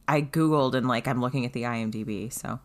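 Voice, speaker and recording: A woman's voice: rumbling low, fast talker. A woman co-hosting a podcast in casual chat, chiming in with short, dry quips and agreement. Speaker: podcast co-host.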